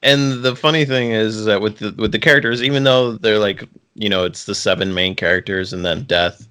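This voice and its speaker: A man's voice: fairly low pitch, fairly quick, sharp tone, smooth. A man co-hosting a podcast, chatting casually and rambling with frequent restarts and filler words. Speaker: podcast co-host. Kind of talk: casual chat.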